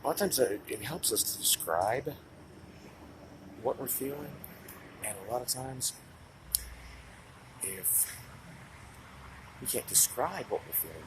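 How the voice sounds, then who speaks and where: A man's voice: medium pitch, expressive, unhurried, pauses often, very noisy. A man giving casual self-help advice straight to camera, blunt and rambling, swearing freely and restarting his sentences. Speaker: self-help video maker. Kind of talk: casual unscripted talk to camera.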